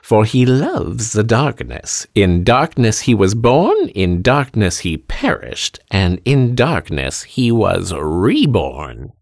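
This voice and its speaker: A man's voice: fairly low pitch, sing-song, slow pace, few pauses, no echo, studio quality, pitched above the performer's own voice, exaggerated voice. A man voicing a middle-aged carnival showman with grand, theatrical sales patter. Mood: showy.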